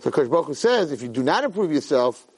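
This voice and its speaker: A man teaching a Torah lesson in an animated way, acting out quotes and repeating words for emphasis. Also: a little high, quick pace, husky. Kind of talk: Torah lecture.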